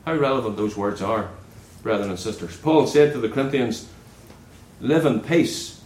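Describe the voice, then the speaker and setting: A man's voice: expressive, moderate pace. Earnest preacher man in an echoey hall. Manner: earnest, drops low and soft on key words. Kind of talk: sermon.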